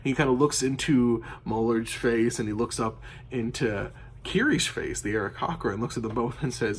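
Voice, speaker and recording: A man's voice: medium pitch, a little fast, few pauses, slight background noise. A man game master recapping a tabletop campaign in casual, rambling storytelling with lots of fillers.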